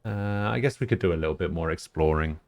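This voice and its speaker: A man's voice: low-pitched, fast talker, a little mellow, dry recording. A man streaming a video game live, chatting casually and joking at his own expense. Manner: joking, self-mocking, laughs often.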